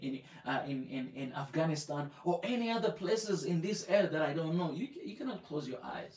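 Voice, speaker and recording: A man's voice: on the high side, a little mellow, far from the mic. A man with an East African accent hosting a live stream, speaking with passion, repeating phrases and firing rhetorical questions at his listeners. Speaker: live show host. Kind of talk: impassioned live-stream talk. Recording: echoey room, voice off-mic.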